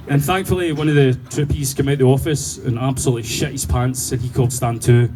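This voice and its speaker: A man with a Glaswegian accent doing sweary, animated stand-up storytelling and laughing through his punchlines. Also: on the high side, normal speed, crowd noise, low-quality recording. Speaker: stand-up comedian.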